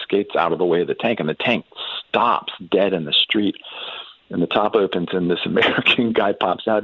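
A middle-aged man telling a long personal story in casual conversation, halting and restarting with frequent ums. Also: deep voice, slightly rough, dry recording, lo-fi sound. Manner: unhurried, halting anecdote with many restarts and ums. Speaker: guest.

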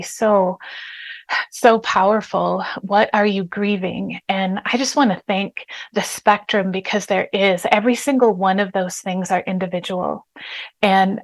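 A woman with a mid-range voice, earnest and warm, speaks about grief and quotes scripture as a talk show guest. She often repeats words as she speaks. The sound is close and dry. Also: mid-range voice, no echo.

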